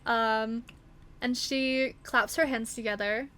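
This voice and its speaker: A woman narrating a tabletop game as game master, laughing as she goes and pausing often. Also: a little high, pushed and bright, slight background noise.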